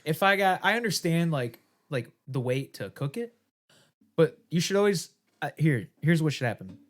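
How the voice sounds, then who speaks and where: Young guy on a podcast, cussing constantly, laughing through his own story, bit higher voice. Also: very animated, normal speed. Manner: profane, laughing, acts out voices in stories. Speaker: podcast co-host. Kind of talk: casual crude storytelling.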